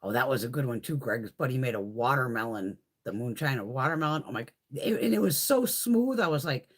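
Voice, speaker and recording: A woman's voice: low-pitched, expressive, fairly quick, husky. A woman casually chatting on a live beauty stream, rambling and swearing a lot. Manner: chatty, laughs often.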